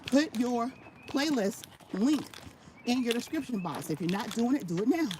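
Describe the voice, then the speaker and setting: A woman's voice: fairly high pitch, animated, moderate pace. A woman giving emphatic, repetitive advice in a casual vlog while walking laps. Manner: emphatic, repeats her points for stress. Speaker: vlogger giving channel tips. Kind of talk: casual motivational vlog talk. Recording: noisy background.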